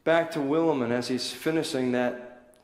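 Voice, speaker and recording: A man's voice: mid-range voice, fairly even intonation, normal speed, a little mellow. A male pastor delivering a sermon, telling a story in an earnest, tender way in a large church sanctuary. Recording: echoey hall from far off.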